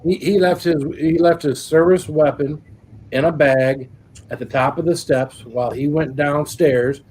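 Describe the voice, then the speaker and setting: A man's voice: on the high side, fairly even intonation, normal speed, a little mellow, husky, rough recording. A man chatting bluntly and matter-of-factly as a guest. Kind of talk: casual chat.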